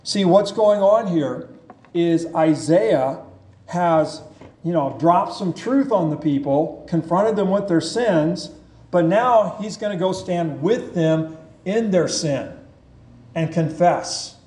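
A man preaching a sermon, reading scripture aloud and explaining it with slow, emphatic delivery. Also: high-pitched, expressive, warm tone. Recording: echoey church room.

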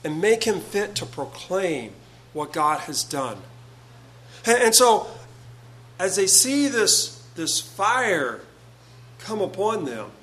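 A man preaching a sermon, earnest and halting, often repeating words as he builds a point. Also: high voice, fairly bright tone, low-quality recording.

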